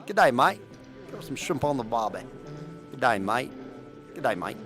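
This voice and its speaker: A man's voice: medium pitch, very animated, normal speed, a bit bright, soft background music. A man doing a jokey imitation Australian accent as a cheery bloke, with exaggerated sing-song greetings.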